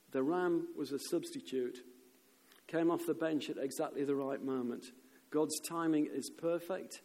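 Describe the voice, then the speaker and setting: Animated preacher, hall reverb. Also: male voice, a little high. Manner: animated storyteller, shouts quoted crowds. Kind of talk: sermon with storytelling. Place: church. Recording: long reverb of a church hall.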